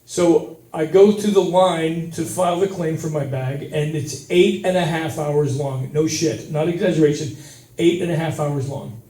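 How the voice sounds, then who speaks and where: A man doing stand-up in a brewery, telling a travel story with plenty of swearing and bursts of yelling. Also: fairly high pitch, moderate pace. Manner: profane, animated, yells at the peaks. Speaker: stand-up comedian. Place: brewery stage. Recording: roomy venue sound from a distance.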